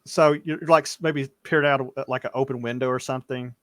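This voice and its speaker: A man narrating a tabletop game as game master, halting, with many restarts and fillers. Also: medium pitch, fairly even intonation, no room sound.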